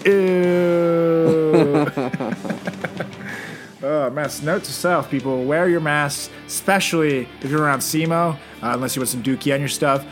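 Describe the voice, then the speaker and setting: A man's voice: a little high, unhurried. Joking man with faint music behind. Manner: jokey, crude, spins absurd tall tales. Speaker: podcast co-host. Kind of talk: casual comedic chat. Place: home, over a podcast setup.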